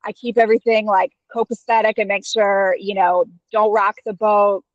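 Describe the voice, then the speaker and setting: A woman's voice: medium pitch, little pitch movement, moderate pace, no echo. A candid woman talks freely in a casual, rambling way, filling her speech with "like" and "you know". Her voice sounds close and dry, though a little dull and lo-fi. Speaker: guest having her chart read. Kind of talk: casual personal talk.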